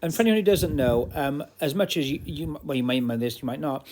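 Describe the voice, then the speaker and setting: A man's voice: a little high, animated, a little fast, darkish tone. A young man chatting playfully about thrift finds for a vlog, joking and filling his talk with "like". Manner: jokey and playful, with many fillers. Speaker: secondhand clothing reseller. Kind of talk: casual thrifting vlog chat.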